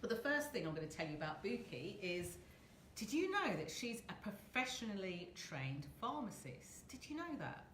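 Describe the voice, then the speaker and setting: A woman's voice: medium pitch, big pitch swings, normal speed, few pauses, a bit bright, roomy sound, slight background noise. A woman hosting a casual live video chat from a hotel room, chatty and rambling, laughing often. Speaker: host.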